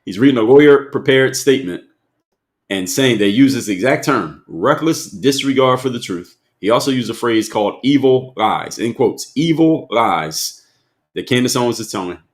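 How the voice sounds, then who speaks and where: A man's voice: medium pitch, moderate pace. A man hosting a live stream, talking straight to his chat in an emphatic way, repeating his points and asking viewers questions.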